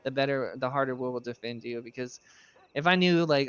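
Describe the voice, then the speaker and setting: A man's voice: medium pitch, fairly even intonation, a little fast, fairly bright tone, clean tone, lo-fi sound. A man in a casual roleplay chat, training a new recruit as sheriff, rambling through stories, laughing often and swearing casually. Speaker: streamer playing a sheriff.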